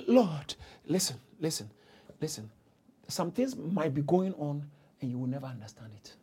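A man's voice: a little high, very animated, normal speed, mellow, husky. A man preaching a sermon with fervent, impassioned delivery and bursts of speaking in tongues.

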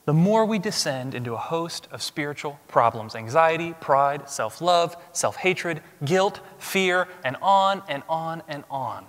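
A man preaching a sermon as pastor, emphatic, swinging from loud declarations to hushed asides. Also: mid-range voice, animated, measured pace. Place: church sanctuary. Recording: long reverb of a large hall.

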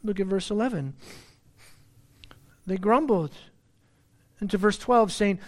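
A man's voice: high-pitched, a little slow, pauses often. A man preaching a sermon in a loose, conversational way, trailing off into restarts and repeated words. When he drives a point home he pushes his voice up and out, then settles back down. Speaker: pastor.

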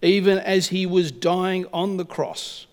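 A man preaching a sermon and leading a communion prayer, earnest and measured, slowing down to stress key words. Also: high-pitched. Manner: earnest, measured, slows for emphasis. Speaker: pastor. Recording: long reverb of a church hall.

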